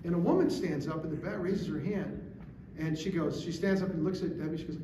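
A middle-aged man speaking to a gathering, an animated storyteller who drives his points home with emphatic rhetorical questions. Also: a little high, brisk. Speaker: guest speaker. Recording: echoey room, distant mic, faint hiss.

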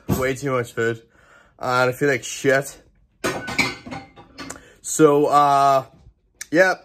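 A young man talking to camera in a casual vlog, excited and rambling, with lots of swearing and restarts. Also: mid-range voice. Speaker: bodybuilder vlogger.

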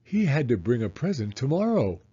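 Man, children's story read-aloud, animated pitch, muffled recording. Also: moderate pace, husky. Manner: expressive, animated reading. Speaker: children's book reader.

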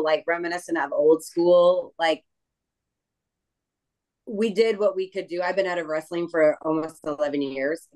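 A middle-aged woman being interviewed about returning to wrestling, talking emotionally with frequent restarts and pauses. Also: sits low, low-quality recording. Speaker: guest wrestler. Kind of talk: casual interview chat.

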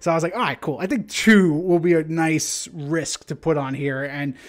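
A man's voice: a little high, steady tone, normal speed. A man hosting a livestream in casual chat, laid-back and rambling, often laughing. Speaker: stream host.

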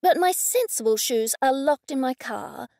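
A woman voicing a flustered, sharp-tongued young city woman who talks back in an exasperated, snappy way. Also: sits high, expressive, moderate pace, gravelly, no echo, studio quality.

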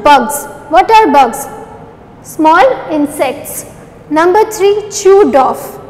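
A woman's voice: extremely high pitch, long reverb tail, rough recording. A woman teacher revising a lesson with young children, spelling words out letter by letter and repeating each answer. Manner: asks questions then repeats the answers.

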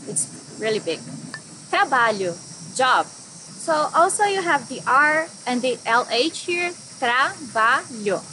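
Woman, high voice, language teacher, slow careful pronunciation, steady hiss behind. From Brazil. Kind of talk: bilingual language lesson.

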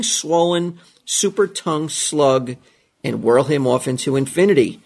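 A man's voice: on the high side, lively intonation, a little slow, vocal fry, breathy edge. A man rambling in casual comedic chat, often searching for the right word.

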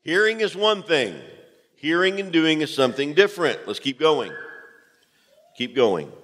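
A man's voice: on the high side, lively intonation, measured pace, fairly bright tone. Emphatic preaching man in a reverberant church. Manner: emphatic preaching, repeats key phrases, talks straight to the congregation. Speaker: pastor. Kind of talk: sermon. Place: church sanctuary. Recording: long hall reverb from a church.

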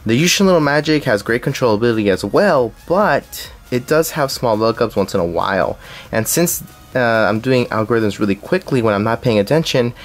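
A man's voice: medium pitch, expressive, fairly quick. A young man narrating a scripted puzzle cube review, reading along with small slips and restarts.

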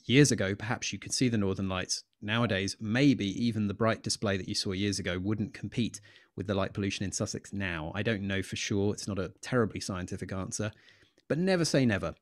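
A man's voice: lowish voice, brisk, no echo. A man, an astronomer taking questions in a live Q&A, explaining with enthusiasm and telling stories with frequent fillers. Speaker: astronomer guest. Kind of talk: explanatory Q&A chat.

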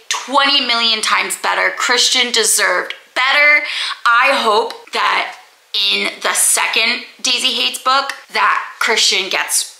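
A young woman reviewing books in a casual vlog, rambling and animated, with frequent "like" fillers. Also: on the high side, creaky, low-quality recording. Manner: animated, rambling, heavy use of "like". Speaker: book vlogger.

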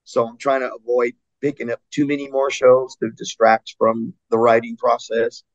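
A man and metal singer chatting in an interview, telling stories with lively acted-out quotes and frequent laughs. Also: mid-range voice, normal speed, no room sound, dull audio. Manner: animated storyteller, acts out fans' voices, laughs often. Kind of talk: casual interview chat.

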